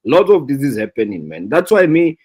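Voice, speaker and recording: A man's voice: mid-range voice, sing-song, a little fast, a little mellow, husky. A man from Africa, a guest chatting casually and often ending his sentences with "man". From South Africa. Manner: repeats "man" at line ends. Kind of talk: casual chat.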